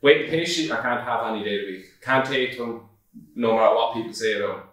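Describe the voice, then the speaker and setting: A man's voice: medium pitch, quick pace, a bit bright. A man hosting a horse racing podcast, giving blunt, emphatic opinions in casual chat. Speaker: podcast host. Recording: echoey room, far from mic.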